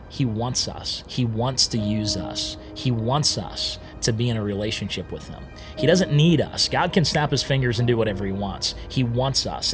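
Man, missionary, personal testimony, casual chatty storytelling, music bed underneath. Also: mid-range voice. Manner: casual, keeps saying "man" and "right?".

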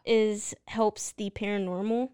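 A woman with a Texan accent co-hosting a casual paranormal podcast, giggling and halting as she tells the history. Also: medium pitch, steady tone, warm tone, clean tone. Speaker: podcast co-host. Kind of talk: casual chat.

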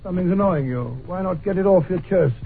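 An actor playing a good-natured doctor who narrates in a 1940s radio drama, talking in an earnest, mildly exasperated way. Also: male voice, high voice, a little fast. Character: good-natured doctor, loyal male companion, middle-aged. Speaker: narrator of the story. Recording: scratchy lo-fi old radio broadcast.

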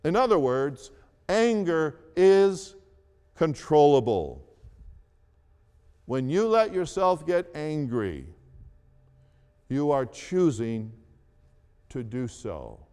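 Slow, deliberate preaching man in a hall. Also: a little high, very animated, warm tone, clear, resonant tone. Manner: slow, deliberate preaching with repeated phrases and emphatic rises. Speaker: pastor. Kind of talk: sermon. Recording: long reverb of a large hall.

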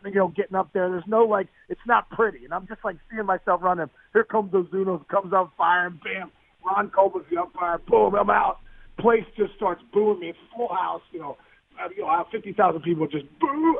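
A man telling a long sports story in a podcast interview, animated and tumbling over his words with restarts. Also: high voice, creaky, slightly rough, no echo. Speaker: guest, former baseball player. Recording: dry, phone-like line.

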